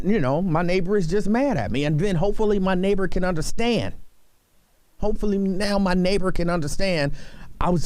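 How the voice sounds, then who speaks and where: A man's voice: high voice, a little mellow, no room sound. A man hosting a talk radio show, speaking earnestly and pleading with his listeners, repeating himself for emphasis. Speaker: radio host.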